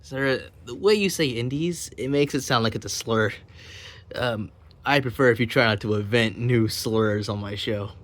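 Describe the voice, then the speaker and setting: A man's voice: mid-range voice, moderate pace. A man hosting a mock news broadcast in a plush comedy skit, rambling and mock-serious with many self-interruptions. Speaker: host of a plush comedy channel.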